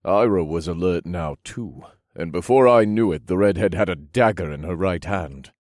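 A man reading a novel aloud in measured first-person narration. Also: low voice, dry recording, clean studio sound. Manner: steady, measured storytelling. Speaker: audiobook narrator.

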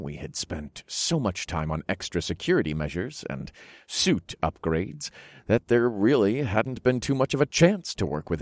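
A smug male supervillain in an audiobook. His voice is very low but lively in pitch, rising and falling as he schemes. The sound is dry and close. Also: no room sound. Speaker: first-person narrator. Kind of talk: audiobook narration.

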